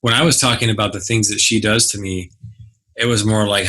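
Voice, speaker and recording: A man's voice: lowish voice, fairly even intonation, fairly quick, pushed and bright. A man being interviewed as a guest, speaking casually and acting out his own reactions when he tells a story. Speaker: guest, business mentor. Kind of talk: conversational interview.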